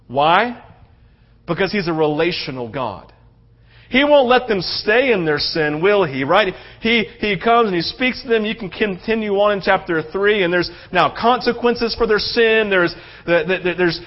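High-voiced man preaching conversationally. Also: animated, normal speed, lo-fi sound. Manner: conversational preaching, frequent tag questions. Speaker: pastor. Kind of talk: sermon.

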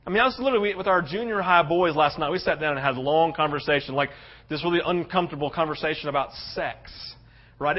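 A male pastor preaching a sermon, passionate, swinging between loud urgency and hushed tenderness. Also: high-pitched. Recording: dull lo-fi sound.

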